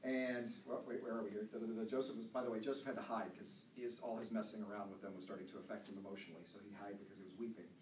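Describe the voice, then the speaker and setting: A man's voice: lowish voice, fairly even intonation, rapid-fire, few pauses, a little mellow, recorded from a distance, slight background noise. A man teaching a Bible study, chatty and loose with many asides, reading passages aloud. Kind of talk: casual teaching talk, reading scripture aloud. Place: church room. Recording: roomy echo, voice off-mic, faint ambience.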